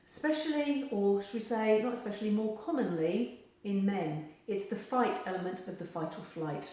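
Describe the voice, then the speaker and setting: Woman, animated advice video, acts out quoted voices, mid pitch, very echoey room. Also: normal speed. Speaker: therapist giving advice. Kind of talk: direct-to-camera advice video.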